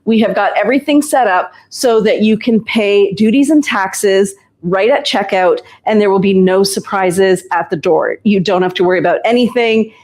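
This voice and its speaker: A woman's voice: mid-range voice, normal speed, hardly any pauses, a little mellow. A woman who runs a shop, hosting a casual live stream and explaining ordering and clothes in a chatty, reassuring way.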